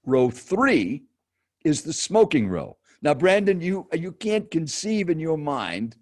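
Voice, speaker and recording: A man in his seventies, a professional speaker and guest, telling a story with dramatic pauses and speaking directly to the host. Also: on the high side, very animated, no room sound, studio quality. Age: 70s. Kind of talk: animated storytelling.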